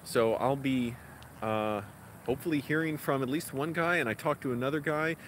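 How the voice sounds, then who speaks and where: A man vlogs outdoors with street noise behind him, rambling casually and using lots of fillers. His mid-range voice has a fairly bright tone and a moderate pace.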